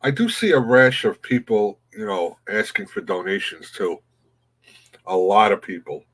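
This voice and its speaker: A man's voice: fairly low pitch, lively intonation, measured pace, fairly bright tone, low-quality recording. A man hosting a morning livestream, chatting casually and greeting viewers by name. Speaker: livestream host. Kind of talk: casual chat reading viewer comments.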